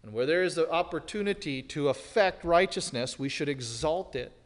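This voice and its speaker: A man preaching an expository sermon as pastor, emphatic, swinging from loud declarations to hushed, serious lines. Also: on the high side, lively intonation, normal speed. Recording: long hall reverb.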